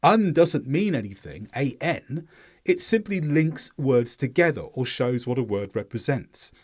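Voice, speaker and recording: Lively, deliberate British male English teacher. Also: mid-range voice. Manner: clear, deliberate, demonstrates sounds slowly. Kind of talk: scripted lesson to camera.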